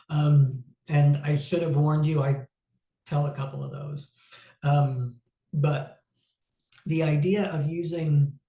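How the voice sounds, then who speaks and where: A man giving an informal, reflective talk on mental health, conversational and pausing with frequent "um"s. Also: on the high side, warm tone. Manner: reflective, conversational, acts out inner self-talk; frequent "um" pauses. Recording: roomy echo.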